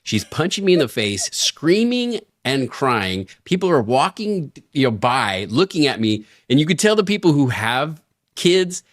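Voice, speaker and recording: A middle-aged man co-hosting a podcast, telling a story in a lively way and acting out the quoted voices. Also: mid-range voice, measured pace, dry recording, clean studio sound. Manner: animated storyteller, acts out quoted lines. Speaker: podcast co-host. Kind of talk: casual storytelling chat.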